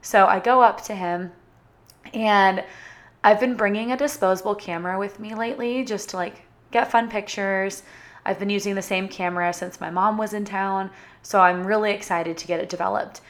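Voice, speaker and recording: A woman's voice: mid-range voice, fairly even intonation, moderate pace. Chatty young woman telling a story. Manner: chatty, bubbly, filler-heavy with frequent "like". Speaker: vlogger. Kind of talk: casual storytime.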